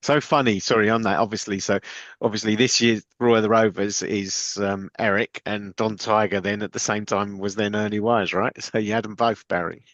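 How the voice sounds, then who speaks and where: A man co-hosting a podcast in a low voice, quick to chuckle and agree. The audio is dull and lo-fi, with a dry, close sound. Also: fairly even intonation, fairly bright tone, no echo. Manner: chuckling, affirming. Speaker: podcast co-host. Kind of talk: casual chat.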